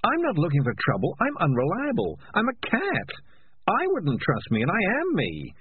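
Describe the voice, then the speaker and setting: A man's voice: high voice, wildly swooping pitch, normal speed, slightly rough, no room sound, voice pushed up, full character voice. A man voicing a sardonic, self-serving talking tomcat with a wry, cocky manner. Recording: tinny lo-fi audiobook recording.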